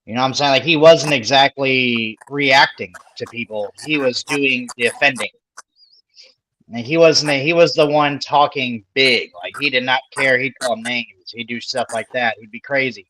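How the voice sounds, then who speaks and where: A man's voice: mid-range voice, fairly bright tone, a little hiss or hum, rough recording. Laid-back man giving his take. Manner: laid-back, conversational, hedging. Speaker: podcast panelist. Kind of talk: casual sports talk.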